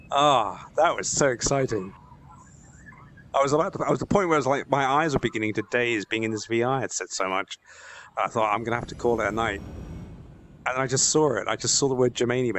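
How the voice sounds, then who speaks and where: A man giving excited live gameplay commentary while wearing a VR headset, breathless and swearing and laughing often. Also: medium pitch, slight background noise. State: breathless and overexcited. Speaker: gamer playing a space game.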